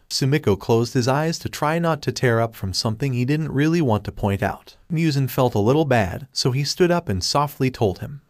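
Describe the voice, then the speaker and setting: A man reads a fan-fiction story aloud in a flat, even manner, speaking punctuation aloud. His pitch sits in an ordinary middle range. The recording is dry and close, with no room sound. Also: brisk, hardly any pauses, no room sound. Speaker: narrator.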